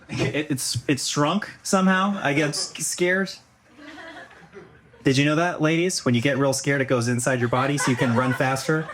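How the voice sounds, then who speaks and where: A man telling a crude, profane story stand-up style, animated and laughing as he goes. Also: on the high side, normal speed, background noise.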